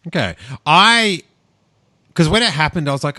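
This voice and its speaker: Male podcast host, bright forceful tone, excitable and joking, casual chat. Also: fairly high pitch, normal speed. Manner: excitable, playful, trailing restarts.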